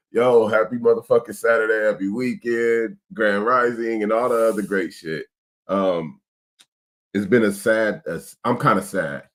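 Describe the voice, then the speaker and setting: A man's voice: lowish voice, steady tone, normal speed. A middle-aged man, chatting casually and emotionally in a laid-back, slang-heavy way. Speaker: vlog host, father. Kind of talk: casual vlog chat.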